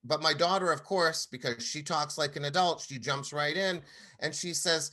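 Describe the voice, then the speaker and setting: A man in his thirties telling a personal story to an audience, animated and acting out the people he quotes. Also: fairly high pitch, moderate pace. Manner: animated, acts out quoted voices.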